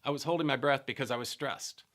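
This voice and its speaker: A middle-aged man teaching in a calm, measured way, explaining a method with personal anecdotes. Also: medium pitch.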